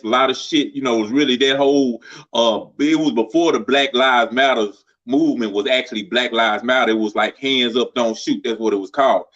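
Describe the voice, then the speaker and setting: A man telling stories in a laid-back, colloquial way, often pausing with fillers. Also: medium pitch, fairly bright tone. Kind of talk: casual conversation. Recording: slightly dull lo-fi sound.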